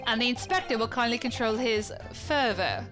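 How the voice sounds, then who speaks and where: Woman reading a stern male game judge, formal, slightly high, game music behind. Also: moderate pace, lightly acted. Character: pompous male court judge.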